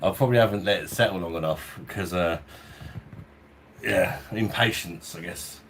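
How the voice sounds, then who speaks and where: A man's voice: low voice, moderate pace, creaky, a bit bright, a little hiss or hum. A man from London with a Cockney and South East London accent, chatting casually and rambling on a livestream beer review at home. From London, England. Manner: chatty and rambling, chuckles often. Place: home in hot weather, fan nearby.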